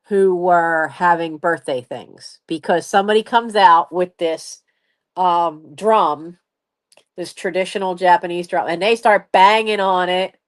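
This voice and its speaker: A woman in her late fifties telling a story in a casual live stream, laughing often and acting out what other people said. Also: lowish voice. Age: 50s. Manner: animated, laughs often, acts out others' voices. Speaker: channel host.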